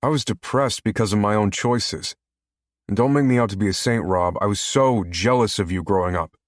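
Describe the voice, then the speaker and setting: A man's voice: fairly low pitch, moderate pace, no echo, studio quality, close to an everyday voice. A man voicing a blunt, reproachful older brother.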